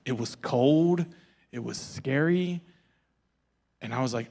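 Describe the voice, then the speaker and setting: A man's voice: mid-range voice, takes it slowly, gravelly, darkish tone. A male pastor giving a sermon in a casual storytelling manner and acting out the dialogue.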